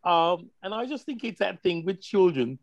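A man gives parenting advice in a measured, explanatory way, pausing on small hesitations. His voice sits a little high for a man. The sound is dry and close. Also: very animated, dry recording, highs cut off. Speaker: guest, family worker. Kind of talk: casual panel chat, advice.

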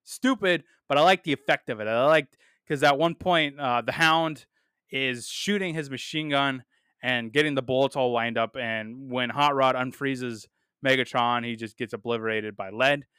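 A man's voice: medium pitch, normal speed, pushed and bright, clean tone, no echo, clean studio sound. A man reviewing a film in a casual podcast monologue, blunt and dismissive, with plenty of "um"s and "uh"s. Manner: blunt and dismissive, many fillers.

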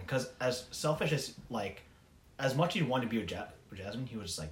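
A man in his thirties chatting casually, telling stories in a lively, laughing way. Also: medium pitch, fast. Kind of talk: casual chat. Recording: echoey room with faint noise.

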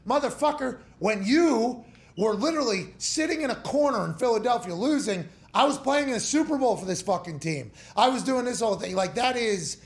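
A man's voice: extremely high pitch, expressive, fairly quick. A man in his thirties, a former punter who hosts a sports talk show, telling stories in a heated, profane, joking way. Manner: profane, heated storytelling that slips into mocking voices.

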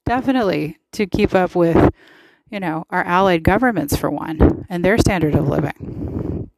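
A woman's voice: lowish voice, moderate pace, gravelly, background noise. A woman hosting a podcast, giving casual political commentary in a chatty, emphatic way with lots of fillers. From United States. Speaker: podcast host.

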